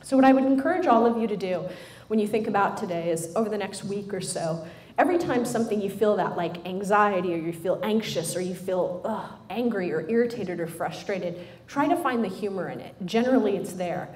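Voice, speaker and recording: A middle-aged woman giving a humorous motivational talk to a live audience, animated and joking as she speaks straight to the listeners. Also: medium pitch, a little fast. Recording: roomy hall sound with faint noise.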